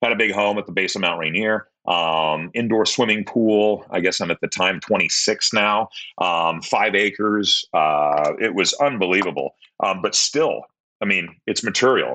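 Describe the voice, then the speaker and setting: A man's voice: sits low, sharp tone. A man in his fifties, a podcast guest, telling his life story candidly in a rambling way, repeating words and livening up when he retells conversations.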